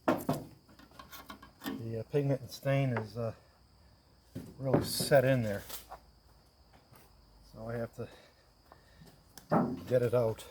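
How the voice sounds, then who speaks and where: A man's voice: medium pitch, fairly even intonation, slow pace, long pauses, heavy background noise. A man narrating his woodworking step by step, thinking aloud as he works in his shop. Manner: thinks aloud, explains each step as he goes. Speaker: woodworker and video host. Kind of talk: casual workshop narration while working. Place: woodshop.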